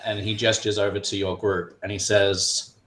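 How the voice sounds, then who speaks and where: A man narrating a tabletop game as game master, halting, with many fillers and restarts. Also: lowish voice, level tone, fairly bright tone, roomy sound, a little hiss or hum, rough recording.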